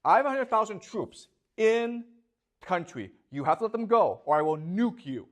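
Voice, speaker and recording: A man's voice: sits high, big pitch swings, normal speed, voice pushed up. A man doing a blustering president's ultimatum. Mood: threatening. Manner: boastful, blunt ultimatums. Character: blustering American president issuing nuclear threats.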